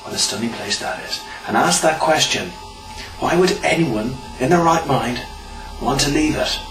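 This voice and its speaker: A man's voice: fairly high pitch, expressive, normal speed, a bit bright, roomy sound, recorded from a distance, faint music behind, low-quality recording. A man hosting a parody holiday-show intro in a breezy, ironic presenter tone. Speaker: spoof holiday-show host.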